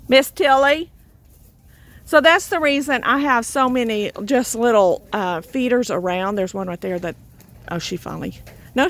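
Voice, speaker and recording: A woman's voice: on the high side, fairly bright tone. An older woman, out of breath, chatting casually to the camera from a goat pen while coaxing her goats. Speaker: goat farmer. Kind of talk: casual farm vlog. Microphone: handheld camera on a stand.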